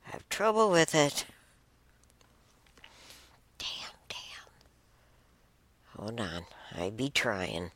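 With an extremely low voice, fairly bright tone, and huge pitch swings, this woman reads posts aloud haltingly. She comments casually and emotionally, exclaiming, sighing, and stumbling over her laptop.

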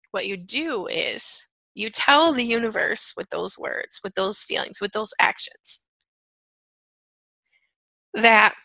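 Woman, guided self-help talk, chant-like repetition, bright tone, dry close sound. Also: mid-range voice, vocal fry, no echo, poor audio. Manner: conversational, frequent "okay" and "right". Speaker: energy-clearing facilitator.

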